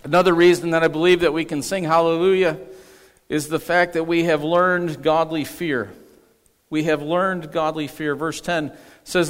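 Pastor, male, emphatic sermon delivery, fairly high voice, long church reverb. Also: steady tone, moderate pace. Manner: emphatic, calls for congregation response. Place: church sanctuary. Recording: echoey hall.

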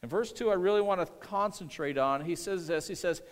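A man's voice: high voice, a little fast, few pauses, long reverb tail. A middle-aged man preaching a sermon as pastor, earnest, repeating phrases and calling for amens.

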